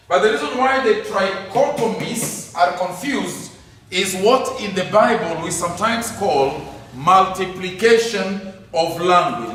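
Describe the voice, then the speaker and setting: A man, pitched a little higher than most men, teaching scripture emphatically and peppering his lecture with rhetorical questions. His voice rings through a very reverberant room, picked up from some way off the mic. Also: a bit bright, slight background noise. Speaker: Bible teacher. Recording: very echoey room, mic at a distance.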